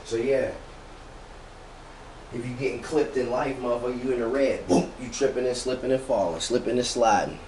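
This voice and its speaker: A man giving a casual, profane motivational rant as a vlogger, talking slangy and sometimes drawing words out slowly. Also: mid-range voice, background noise.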